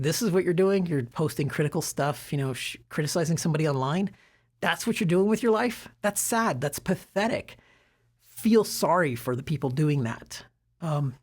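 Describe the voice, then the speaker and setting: A middle-aged man with a husky voice, giving self-development advice in a relaxed, conversational way with frequent fillers and restarts. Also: fairly high pitch. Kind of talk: casual talk to camera.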